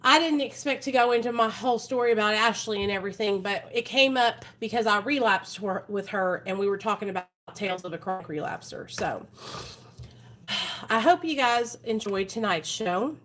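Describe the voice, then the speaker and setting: A woman's voice: medium pitch, moderate pace, fairly bright tone. A woman hosting a recovery livestream from her home, talking to her viewers in a frank, earnest, casual way. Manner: frank and earnest, often addresses viewers as "you guys". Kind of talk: casual live-stream talk to viewers.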